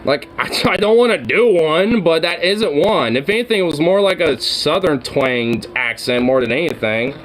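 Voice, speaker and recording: A man's voice: on the high side, animated, normal speed, hardly any pauses, a bit bright, soft background music, low-quality recording. A man streaming and chatting casually, swearing constantly and rambling heatedly with lots of fillers.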